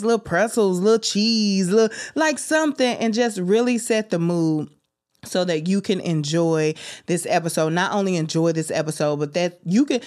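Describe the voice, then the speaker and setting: A young adult woman hosts a faith-based self-care podcast, speaking like an encouraging big sister. Her delivery breaks into high, excited bursts.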